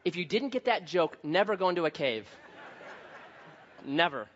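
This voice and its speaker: A man pastor preaching a sermon, telling a story with lively swings from hushed to loud. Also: sits high, normal speed, slight background noise. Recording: dull lo-fi sound.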